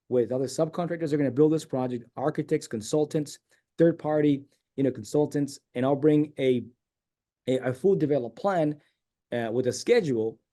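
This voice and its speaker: Man, middle-aged, guest storyteller, mellow and warm tone, rambling and animated. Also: on the high side. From San Diego, California. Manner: rambling, animated storyteller who acts out quoted dialogue. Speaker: interview guest. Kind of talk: casual storytelling interview.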